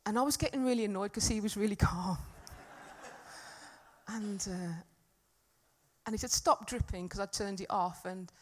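A woman's voice: medium pitch, moderate pace, pauses often, a little hiss or hum. A middle-aged woman giving a talk at a church gathering, telling a personal story in a chatty, self-deprecating way. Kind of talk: sermon with personal anecdote.

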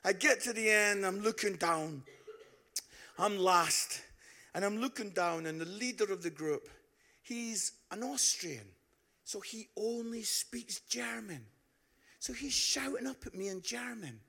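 A Scottish man preaching a storytelling sermon, animated, swinging from shouts to hushed tones and often asking the crowd "yeah?". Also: high voice, a little slow. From Scotland. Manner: frequent tag "yeah?" to the crowd.

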